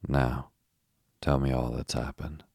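Polly, a caring big sister read by a deep-voiced man. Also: slow pace, dry recording, clean studio sound, exaggerated voice. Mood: urgent. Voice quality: very deep, husky and flat. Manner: reads her lines in his own low, even voice. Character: caring, take-charge girl, the big sister. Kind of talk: audiobook character reading.

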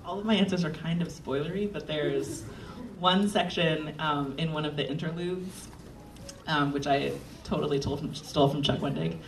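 An author talking casually on a panel, rambling and hesitant with many ums. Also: male voice, on the high side, moderate pace, gravelly, echoey room. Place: live event stage. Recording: distant mic, faint noise.

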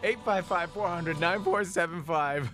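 A man with a high, light voice teases his co-host through a morning radio segment, playful and mock-innocent. A clear music bed plays behind him in the studio. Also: a little slow. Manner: teasing, playful, breaks into singing bits.

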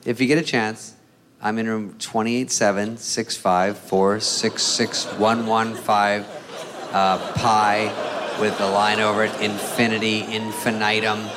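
Rambling stand-up comedian live on stage. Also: male voice, lowish voice, a little slow. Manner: deadpan, rambling, acts out dialogue. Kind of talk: stand-up routine. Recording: live club with audience laughter and noise.

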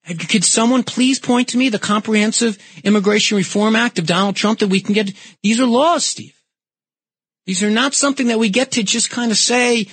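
A middle-aged man with a New York accent hosting a talk radio call-in show, arguing his points forcefully. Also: extremely high pitch, lively intonation, normal speed, slightly rough, no room sound. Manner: forceful, argumentative explaining.

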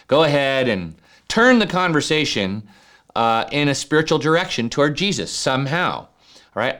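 A man preaching a sermon to men, animated, often checking in with "right?" and rising to emphatic high peaks. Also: a little fast. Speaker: pastor.

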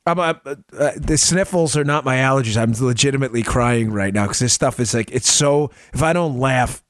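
A man's voice: mid-range voice, a little fast, no room sound. A male podcast host giving political commentary, exasperated and sarcastic, rambling with restarts at a close mic.

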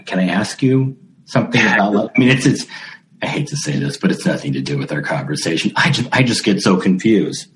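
A male podcast host with a lowish voice, chatting loosely and padding his thoughts with fillers and restarts. His voice rings a little in an echoey room. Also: a little hiss or hum. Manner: rambling, filler-heavy, self-correcting. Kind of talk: casual interview chat.

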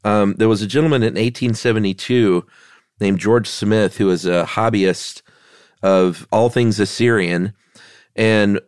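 Male podcast co-host, lower voice, stuffy with a cold, laid-back, dry mic. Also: fairly even intonation, unhurried, darkish tone, clear, resonant tone, no room sound. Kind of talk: casual chat.

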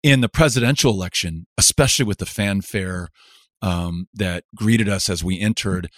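Earnest man, low voice, dry sound. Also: no room sound. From West Texas. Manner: earnest, halting with repeated starts, lists in rhythmic parallel phrases. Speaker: interview guest, politician. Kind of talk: reflective interview conversation.

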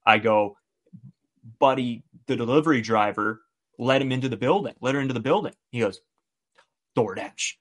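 A man co-hosting a casual podcast, retelling a night out in a chatty, animated way. He switches into quoted dialogue as he goes and keeps his voice conversational at a mid pitch. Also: normal speed, long pauses. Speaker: podcast co-host. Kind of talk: casual storytelling chat.

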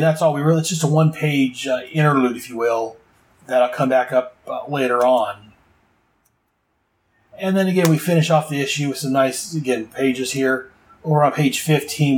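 A man's voice: medium pitch, rough recording. Rambling man recapping a comic. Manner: rambling, full of fillers and asides. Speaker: comic book podcast host. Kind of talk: casual comic review.

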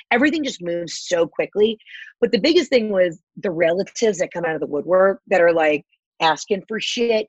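A woman's voice: on the low side, breathy edge, dry recording, muffled recording. A woman on a casual podcast who tells profane, brash stories and acts out what people said. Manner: profane, brash storytelling with acted quotes.

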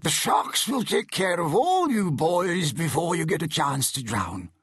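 A man doing a high, husky, bossy sailor. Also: sing-song, unhurried, fairly bright tone, dry recording, clean studio sound, full character voice. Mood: cheerfully grim. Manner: blunt, ungrammatical, bossy. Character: gruff brightly cheerful male sailor. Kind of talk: audiobook character voice.

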